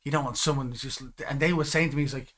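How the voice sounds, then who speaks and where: A young man talking at a quick clip in a relaxed podcast conversation. He tells anecdotes in a lively way and plays out the lines of the people in them. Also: mid-range voice. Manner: animated storyteller who acts out quoted exchanges. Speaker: podcast host. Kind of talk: casual chat.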